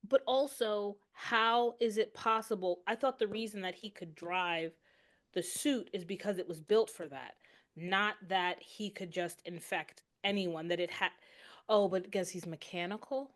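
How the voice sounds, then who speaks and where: A woman co-hosting a podcast, chatting casually and thinking aloud with quick reactions. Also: mid-range voice. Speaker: podcast co-host. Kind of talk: casual chat.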